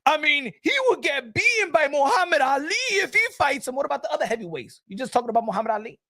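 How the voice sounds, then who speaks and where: A man's voice: very high-pitched, animated, quick pace, vocal fry, sharp tone. A man hosting a boxing talk show, ranting heatedly and repeating himself with a lot of profanity. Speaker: boxing commentary host. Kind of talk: casual ranting commentary.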